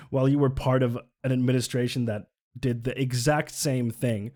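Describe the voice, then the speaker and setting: A man's voice: mid-range voice, fairly even intonation, moderate pace, darkish tone. Sarcastic man streaming commentary. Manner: sarcastic, exasperated, swearing, laughs often. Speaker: livestreamer. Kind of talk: casual live commentary.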